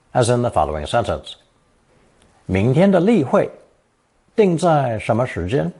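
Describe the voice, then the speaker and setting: A man narrating a scripted language lesson, reading example sentences slowly and then translating each one. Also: mid-range voice, a little mellow, breathy edge. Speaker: language teacher.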